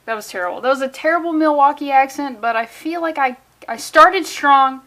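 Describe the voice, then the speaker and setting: A woman's voice: high voice, fairly quick, fairly bright tone. A woman reviewing a comic book in a casual, sarcastic, rambling way, full of jokey asides. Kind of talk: casual comedic commentary.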